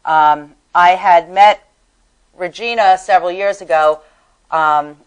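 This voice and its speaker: A woman co-hosting a casual talk show, speaking with a somewhat low voice. She tells her story earnestly and fills her sentences with "um" and "you know.". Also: slow pace, clean tone, rough recording. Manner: earnest storytelling with many fillers. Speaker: co-host. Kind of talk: casual chat.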